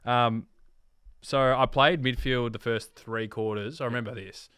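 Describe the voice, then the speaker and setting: A man's voice: mid-range voice, steady tone, measured pace, fairly bright tone, clear, resonant tone, no room sound, clean studio sound. A man in his thirties with an Australian accent, a former footballer telling laid-back stories as a podcast guest. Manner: laid-back storytelling, quotes teammates. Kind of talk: casual podcast chat.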